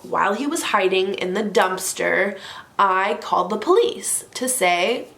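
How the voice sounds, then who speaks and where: A young woman casually telling a story to camera, chatty and animated, leaning on "like" a lot. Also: medium pitch, a little slow, vocal fry. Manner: animated, chatty, heavy use of "like". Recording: echoey room.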